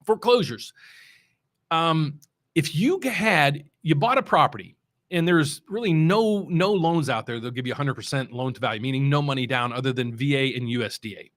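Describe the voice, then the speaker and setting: With a fairly high, slightly bright voice, lively intonation, and a normal pace, a middle-aged mortgage loan officer from West Virginia hosts his show. His market commentary is casual and unscripted, rambling loosely with frequent restarts and heavy emphasis on key words.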